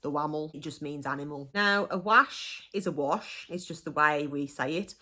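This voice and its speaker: A woman's voice: low voice, moderate pace, sharp tone. A young woman with a Black Country accent, chatting casually and giggling as she explains her local dialect. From Black Country, England. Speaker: vlogger.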